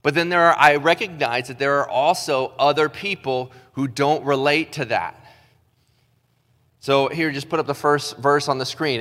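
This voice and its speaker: Casual pastor preaching in a reverberant hall. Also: male voice, fairly high pitch, normal speed, pushed and bright. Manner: casual, self-deprecating, talks with his hands in filler words. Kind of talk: sermon. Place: church stage.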